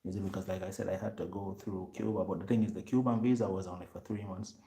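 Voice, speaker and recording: Gravelly Jamaican man telling a story. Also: deep voice, fast. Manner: animated patois storytelling, acts out other people's lines. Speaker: vlogger. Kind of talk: casual storytelling to viewers.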